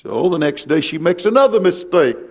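A man preaching a sermon, with a preaching cadence that swings between loud lines and hushed ones. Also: on the high side, big pitch swings, brisk, breathy edge.

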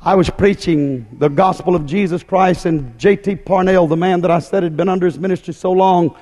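A man's voice: sits high, brisk, darkish tone. A man preaching a fiery sermon with an emphatic, hammering, repetitive delivery. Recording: long hall reverb.

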